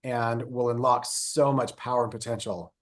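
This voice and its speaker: A man's voice: mid-range voice, steady tone, normal speed. Reflective man coaching a group. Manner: reflective, tags points with "right?". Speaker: success coach. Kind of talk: live group coaching call.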